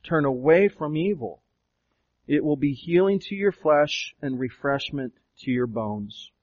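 A pastor preaching a sermon, questioning his listeners again and again, swelling with emphasis and slowing to draw out key phrases. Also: on the high side, lively intonation. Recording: dull lo-fi recording.

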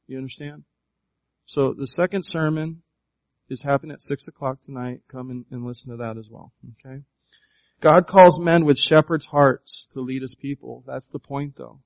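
A man's voice: medium pitch, moderate pace, dry recording, dull audio. A man preaching a sermon as pastor, reading scripture aloud and pressing his points with rising emphasis.

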